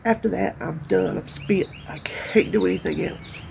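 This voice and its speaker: A woman's voice: fairly low pitch, creaky, background noise. A middle-aged woman, rambling and emotional as she chats to her viewers, sounding tired. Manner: rambling, emotional, drawn-out pauses. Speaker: vlogger. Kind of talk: casual rambling chat to viewers.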